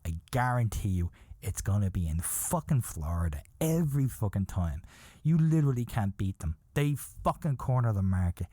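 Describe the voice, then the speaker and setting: Profane, animated man ranting a story. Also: on the low side, normal speed, no echo, clean studio sound. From from outside the USA. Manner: profane, animated, exasperated rants. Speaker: podcast host. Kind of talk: comedic storytelling monologue.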